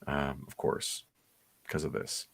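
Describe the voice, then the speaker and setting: A man's voice: very deep voice, little pitch movement, takes it slowly, creaky, no room sound. A man co-hosting a comics livestream, giving rambling, enthusiastic, nostalgic commentary on an old cartoon. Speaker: comics podcast co-host.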